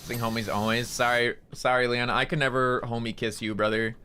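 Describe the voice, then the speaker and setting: A man's voice: medium pitch, flat delivery, a little fast, sharp tone, slight background noise, rough recording. A young man streaming a game in casual chat, rambling, joking and swearing freely as he talks to his viewers.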